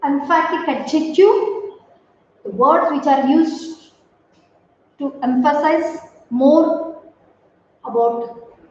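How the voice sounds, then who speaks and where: A woman teaching a grammar lesson to students, speaking slowly and deliberately and repeating key words. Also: high-pitched, a little mellow, a little hiss or hum. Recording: roomy, echoey, distant, dull audio.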